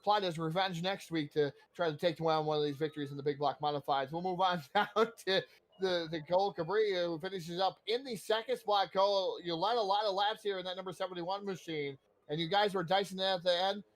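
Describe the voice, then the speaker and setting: A fairly high-voiced man runs the post-race interviews for an online racing broadcast. He talks in an upbeat, hurried way and sounds slightly winded.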